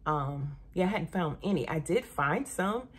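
A middle-aged woman chatting casually to camera about a shopping haul, an animated storyteller who often says "y'all.". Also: low voice, measured pace, husky. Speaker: haul vlogger.

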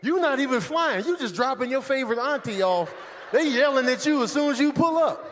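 A man doing live stand-up comedy on stage, animated and loud, shouting out his impressions of airport staff. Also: very high-pitched, fairly quick, slight background noise. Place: comedy stage with a laughing audience.

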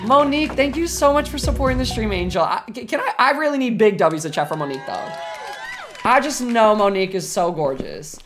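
A woman's voice: medium pitch, lively intonation, fairly quick, music in the background, crowd noise. A young woman streaming a horror game live, chatting with viewers and shrieking when scared.

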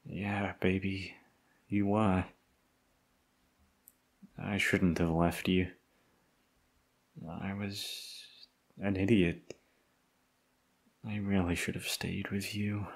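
A protective, tender bodyguard, voiced by a young man in whispered role-play. His voice sits very deep and husky, and he speaks very slowly and hushed to soothe. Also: little pitch movement, exaggerated voice. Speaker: voice actor.

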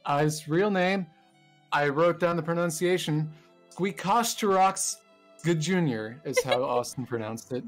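A man casually recapping a tabletop game session for his group, rambling and self-deprecating, laughing through his lines. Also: fairly high pitch. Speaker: player giving the session recap.

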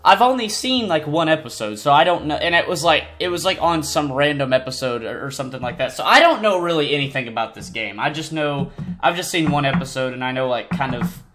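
Lively rambling male gaming vlogger. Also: on the high side, brisk. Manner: rambling and self-deprecating, with sudden excited squeals. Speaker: gaming channel host. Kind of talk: casual gameplay commentary. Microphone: desk mic, no face cam. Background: faint game music.

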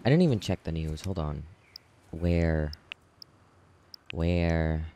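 A man giving casual gameplay commentary, gushing and excitable with frequent gasps. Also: deep voice, fast, a little hiss or hum. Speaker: gaming video creator.

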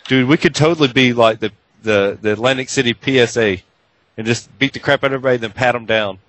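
A man's voice: mid-range voice, fast, a bit bright, dry recording, poor audio. Man from new jersey, brash trash-talking radio co-host, dry close mic. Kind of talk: casual radio banter.

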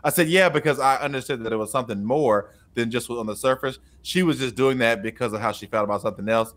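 Fast-talking and medium-pitched, a teacher who co-hosts a podcast shares a story from his classroom in casual conversation. He plays out the quoted lines animatedly, pushing his voice up.

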